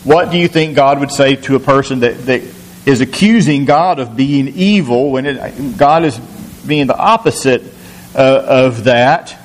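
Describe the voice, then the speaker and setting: A man's voice: mid-range voice, a little slow, in a large hall, low-quality recording. A man teaching a recorded Bible lesson in an earnest, questioning way, often repeating words as he thinks.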